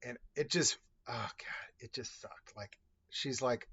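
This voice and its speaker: A man's voice: mid-range voice, unhurried, pushed and bright, husky, highs cut off. Man rambling through a casual story. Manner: rambling, self-correcting, conversational. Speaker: video host telling personal stories.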